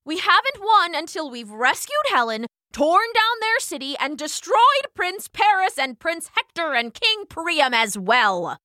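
A woman voicing a proud, determined Greek king who speaks forcefully and insistently. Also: extremely high pitch, sing-song, unhurried, hardly any pauses, no echo, studio quality, pitched above the performer's own voice, heavily acted.

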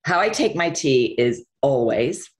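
A woman's voice: a bass voice, animated, measured pace. A woman answering interview questions in a rambling, easygoing way, with lots of fillers and laughter. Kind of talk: casual interview chat.

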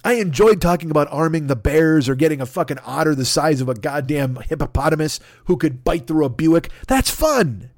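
A man's voice: on the high side, animated, fairly quick, hardly any pauses, dry recording, studio quality. A man hosting a podcast, ranting in exasperated comic bursts full of profanity. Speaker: podcast host. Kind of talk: comedic rant. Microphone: podcast microphone.

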